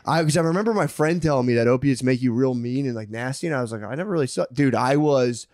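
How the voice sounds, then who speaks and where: A man's voice: medium pitch, fast, a little mellow, dry recording, studio quality. A man co-hosting a podcast in casual chat, rambling and swearing, acting out his own outbursts. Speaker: podcast co-host.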